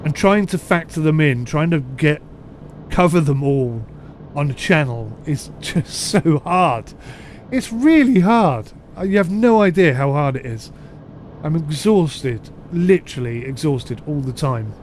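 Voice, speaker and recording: A man's voice: fairly high pitch, lively intonation, measured pace, a little mellow, a little hiss or hum. A man with a mixed southern English accent giving chatty, rambling live commentary over a ship simulator and answering his chat. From United Kingdom. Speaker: streamer.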